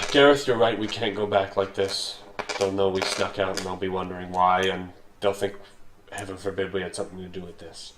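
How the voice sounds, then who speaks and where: A man's voice: low-pitched, fairly even intonation, normal speed, fairly bright tone, a little hiss or hum, voice pushed down. Man playing a grieving young noble. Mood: somber. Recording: echoey room, voice far from mic.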